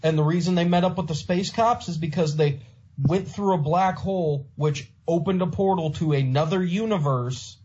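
A man with a slightly high, husky voice rattles through a story in casual podcast chat, swearing as he goes. The audio is dull and lo-fi. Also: a little mellow. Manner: fast, profane, recounting show plots.

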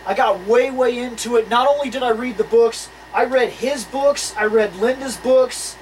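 Animated storyteller far from the mic. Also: medium pitch, moderate pace, slight background noise. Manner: animated, swearing, laughs while telling stories. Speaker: podcast co-host. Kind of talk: casual chat, storytelling.

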